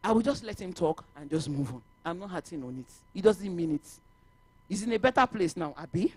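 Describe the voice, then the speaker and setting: A woman with a Nigerian accent giving a talk to realtors at a conference, lively and mixing in Yoruba phrases. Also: on the low side, a little fast, slightly rough, no room sound. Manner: animated, mixes Yoruba and English, laughs often. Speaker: conference speaker. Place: conference hall.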